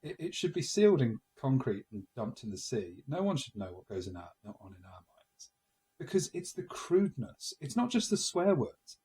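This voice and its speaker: A man in his forties trades banter on a casual comedy podcast in a mid-pitched voice full of lively swings. He tells self-mocking stories and chuckles his way through them. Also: normal speed. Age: 40s. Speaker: podcast co-host.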